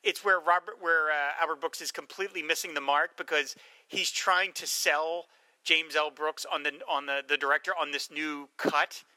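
A man co-hosting a casual film talk, rambling and animated, acting out scenes in quick voices. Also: fairly high pitch, dry recording. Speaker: podcast co-host.

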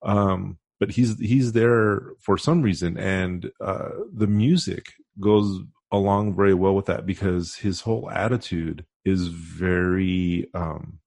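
Male co-host, low husky gravelly voice, dry sound, halting thoughtful delivery. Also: fairly even intonation, a little mellow, dry recording. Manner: hesitant, many fillers and restarts. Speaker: podcast co-host. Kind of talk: casual film discussion.

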